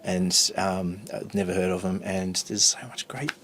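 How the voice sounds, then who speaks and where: A man's voice: low-pitched, little pitch movement, normal speed, fairly bright tone, husky. A man being interviewed about his music, speaking hesitantly with many ums and restarts. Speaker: guest musician. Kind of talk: casual interview chat.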